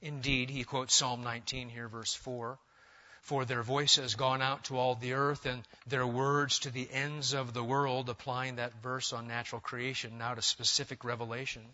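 Man, pastor, expository sermon, emphatic, forceful bright voice, dull lo-fi recording. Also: mid-range voice, level tone, normal speed. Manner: emphatic, swings between loud urging and quiet intensity.

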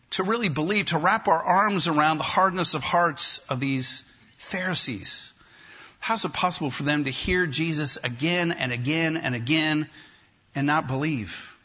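A male pastor preaching a sermon to his congregation, emphatic and repetitive, with slow deliberate pauses. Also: a little high, pushed and bright, slightly rough. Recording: dull lo-fi sermon recording.

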